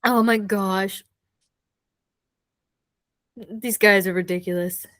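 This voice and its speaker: A woman's voice: mid-range voice, fairly even intonation, slow, fairly bright tone, no room sound, studio quality. A woman co-hosting a podcast, trading jokes and teasing banter in casual chat. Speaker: podcast co-host.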